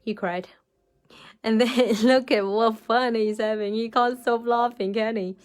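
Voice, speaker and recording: A woman reading a picture book aloud to children as a storyteller, animated and often asking them questions. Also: fairly high pitch, measured pace, clean tone.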